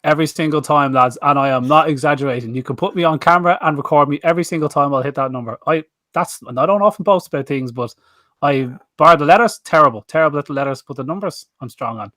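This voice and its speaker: A man's voice: fairly high pitch, pushed and bright, no room sound, clean studio sound. A man co-hosting a pet-health show, bantering and teasing his colleagues over drinks. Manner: quick, teasing, self-mocking. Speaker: vet co-host of a live pet-health show.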